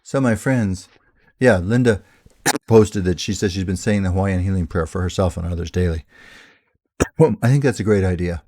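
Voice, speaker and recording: A man's voice: low-pitched, normal speed, mellow. A man hosting a radio talk show, talking casually and rambling to his listeners about a healing prayer, often restarting his sentences.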